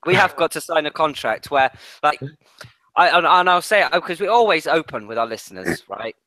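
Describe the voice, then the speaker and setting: A chatty man co-hosts a podcast with a bright, forceful voice. He teases and hints at news in an easy back-and-forth. The sound is dry and close. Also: fairly high pitch, expressive, brisk, no room sound. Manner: chatty, teasing, building up an announcement. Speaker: podcast co-host. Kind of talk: casual podcast chat.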